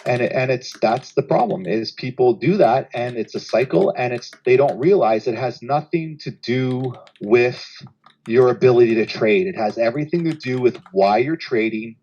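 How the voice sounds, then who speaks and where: A man hosting a trading livestream, telling a story in a casual, animated way and acting out a trader's inner voice. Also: mid-range voice, moderate pace, muffled recording.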